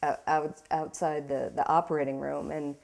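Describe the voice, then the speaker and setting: Halting low-voiced woman telling her story. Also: vocal fry. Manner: halting, repeats words while searching for them; emotional but steady, with rueful laughs. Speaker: interviewee. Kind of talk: personal storytelling.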